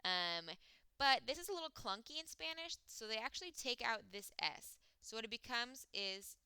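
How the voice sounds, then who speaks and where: A woman teacher walks through Spanish grammar one step at a time, tossing in "um" and "okay" as she goes. Her voice is very bright and clean. The recording is dry and close, with almost no room sound. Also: on the high side, animated, normal speed, gravelly, clear, resonant tone, no echo. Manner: explains step by step, with frequent "um" and "okay". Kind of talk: recorded classroom lesson.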